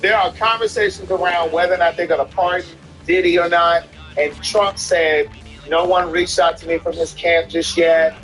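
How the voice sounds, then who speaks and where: A man's voice: fairly high pitch, level tone, moderate pace, fairly bright tone, soft background music, poor audio. A man co-hosting a gaming stream in casual chat, opinionated and emphatic, often repeating himself as he makes his point. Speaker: streamer co-host.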